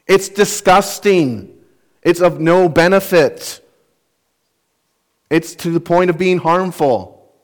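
A man's voice: high-pitched, slow, long pauses. Earnest man preaching an expository sermon. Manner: earnest, emphatic, with rhetorical questions; explains word meanings and grammar of scripture. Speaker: pastor.

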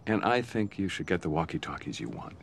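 A firm, gravelly TV dad. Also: male voice, low-pitched, a little fast, full character voice. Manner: calm, matter-of-fact bargaining. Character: patient middle-aged TV dad, firm and fair. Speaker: father. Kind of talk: TV drama acting.

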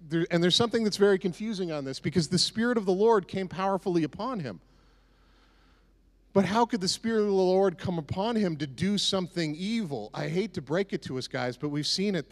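A man preaching a casual, conversational sermon with sarcastic, joking asides. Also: sits high. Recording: echoey hall reverb.

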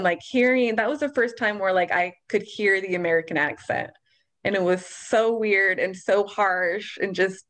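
Chatty woman telling a rambling story. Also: fairly low pitch. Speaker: guest recalling her past. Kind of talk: casual group chat.

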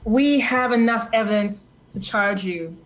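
A woman playing a tabletop game who gives brisk orders, with fillers. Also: mid-range voice. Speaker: player.

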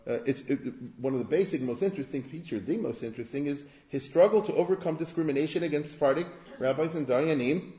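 A man's voice: on the high side, dark tone, roomy sound. A man giving an informal lecture in a conversational, digressive way, often asking the audience rhetorical questions. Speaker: history lecturer.

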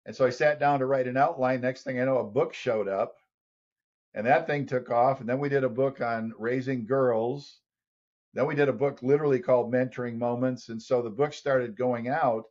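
A man telling a lively story as a podcast guest, acting out other people's voices. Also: mid-range voice, normal speed. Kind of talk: storytelling in an interview. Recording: dull lo-fi sound.

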